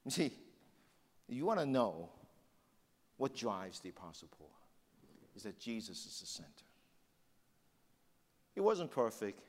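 A man preaching a sermon as a pastor, telling a story and swinging from passionate, emphatic peaks to hushed, intense lows. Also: very animated, a little slow, pauses often, big-room sound.

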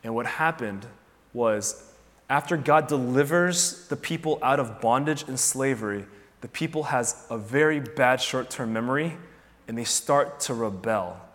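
A man preaches in an easygoing, animated way and keeps turning to the listeners with rhetorical questions. His voice sits at an ordinary middle pitch. The sound rings with the long echo of a large hall. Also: a little slow. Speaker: pastor. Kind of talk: sermon.

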